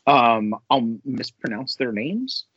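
A man co-hosting a casual pop culture podcast, telling stories in an animated way with a husky voice. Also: medium pitch, takes it slowly, no room sound, muffled recording. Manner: animated storytelling, laughs often. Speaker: podcast co-host.

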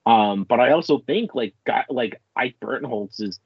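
A man co-hosting a podcast, chatting casually about a show in a rambling, profane, animated way. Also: mid-range voice, moderate pace, vocal fry, husky, no echo, highs cut off. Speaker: podcast co-host. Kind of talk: casual chat reviewing a show.

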